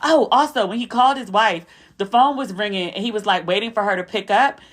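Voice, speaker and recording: A young adult woman hosts her podcast in a casual, chatty way, running through stories with plenty of asides. Her voice sits at a middle pitch, and she jumps higher whenever she acts out what someone else said. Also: a little fast. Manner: chatty storytelling, acting out quotes with a raised pitch. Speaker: podcast host. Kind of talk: casual chat.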